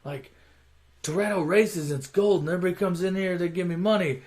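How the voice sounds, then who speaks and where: A man's voice: sits high, fairly quick, a little mellow, pitched above the performer's own voice, natural voice. A man doing an easygoing, mildly exasperated shop owner. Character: laid-back male auto parts shop owner.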